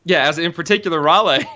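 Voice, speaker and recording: A man's voice: a little high, fairly quick, bright, forceful tone. A man co-hosting a casual livestream from his room at home, dry and laid-back, playing along with the jokes. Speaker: co-host of a comics livestream. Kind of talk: casual live-stream chat. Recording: dull lo-fi home stream audio.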